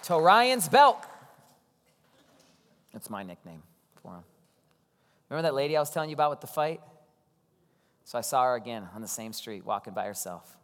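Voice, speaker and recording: Pastor preaching in a reverberant hall. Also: male voice, on the low side, quick pace, pauses often. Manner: conversational storytelling, asks the crowd questions. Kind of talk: sermon. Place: church hall. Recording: long hall reverb with soft keys.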